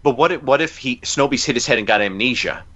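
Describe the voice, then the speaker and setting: A man's voice: medium pitch, animated, quick pace, bright, forceful tone, no room sound, muffled recording. A man co-hosting a podcast, reading out a listener's story idea and joking along with his co-host. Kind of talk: reading a fan entry, then casual chat.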